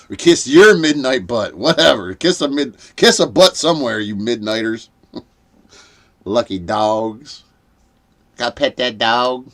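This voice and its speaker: A man's voice: medium pitch, measured pace, long pauses, fairly bright tone. An older man hosting a late-night livestream, rambling, swearing and cackling at his own jokes, punch-drunk from lack of sleep. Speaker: livestream host.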